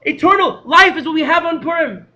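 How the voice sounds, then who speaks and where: High-voiced, excitable man teaching Torah. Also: brisk, lo-fi sound. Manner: excitable, breaks into shouting, mixes Hebrew and Yiddish terms. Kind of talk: storytelling Torah lesson.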